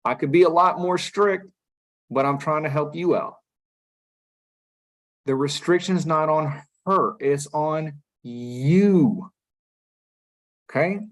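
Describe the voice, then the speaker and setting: Male judge in a courtroom, a bit high voice, firm but patient, keeps saying listen. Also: measured pace, pauses often, fairly bright tone, poor audio. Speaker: magistrate judge. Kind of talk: courtroom first appearance hearing.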